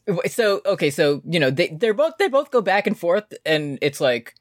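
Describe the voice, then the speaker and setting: A man's voice: sits high, very animated, normal speed, no room sound, studio quality. A man in casual comedic chat, recapping a show and acting out quotes in silly voices. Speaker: co-host.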